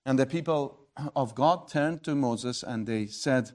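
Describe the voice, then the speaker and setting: Speaking a little slowly in a medium-pitched voice, this preacher swings between loud and hushed delivery. His sermon is emphatic, full of rhetorical questions, and he calls his listeners friends.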